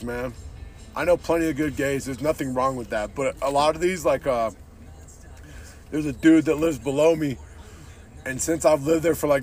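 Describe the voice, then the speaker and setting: A man hosting a podcast, ranting casually and bluntly, swearing often and calling everyone "dude". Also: fairly high pitch. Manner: profane, says "dude" constantly; blunt and opinionated. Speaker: podcast host.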